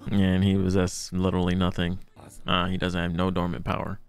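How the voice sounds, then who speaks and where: A young man hosting a casual anime reaction, excitable and slangy, laughing often and breaking into delighted shouts. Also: low voice, a little fast, smooth, faint music behind.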